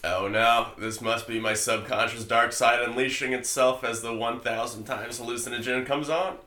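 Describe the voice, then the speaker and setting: Man, bright sharp voice, bewildered, echoey room. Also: mid-range voice, fairly even intonation, normal speed. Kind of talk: comedic improv script reading.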